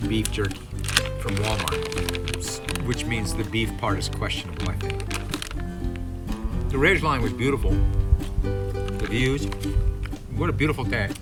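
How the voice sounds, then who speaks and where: A man, chatting casually and rambling as he vlogs a hike outdoors on a mountain trail. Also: on the low side. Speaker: hiker vlogger. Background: guitar music.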